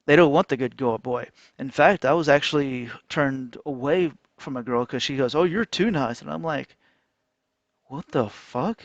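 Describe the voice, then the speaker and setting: A man ranting casually while trading on a chart, animated and mocking. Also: mid-range voice, moderate pace, no echo. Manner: animated, mocking voices, frequent laughs. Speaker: trading vlogger. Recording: dull lo-fi dry sound.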